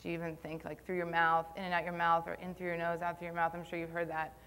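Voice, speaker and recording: Quick and completely flat in delivery, a young woman with a lowish, fairly bright voice gives a live talk on posture and Pilates in a conference room. She comes across as conversational and a little nervous, saying um a lot.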